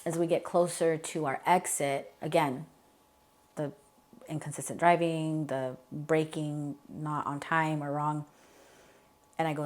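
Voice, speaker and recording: A young adult woman as an interview guest, telling a painful personal story in a candid, halting way with many fillers. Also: low-pitched, fairly even intonation. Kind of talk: emotional personal account.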